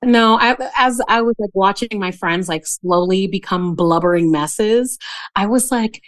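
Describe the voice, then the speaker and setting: A woman's voice: medium pitch, expressive, normal speed. A woman guest talking candidly and animatedly, laughing often and filling her speech with "like". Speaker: podcast guest. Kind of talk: candid conversational storytelling.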